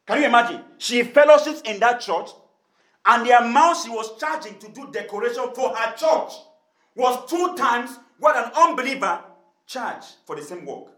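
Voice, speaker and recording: A man preaches in a high, light voice, telling his congregation a story and slipping into the voices of its characters. His words ring out with a noticeable echo from the room around him. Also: expressive, moderate pace, fairly bright tone. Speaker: pastor. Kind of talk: sermon.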